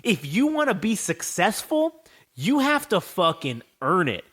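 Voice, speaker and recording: Casting: man playing swaggering wrestler, taunting and scolding, lively delivery. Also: a little high, moderate pace. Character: mocking tough male wrestler from the late 1990s.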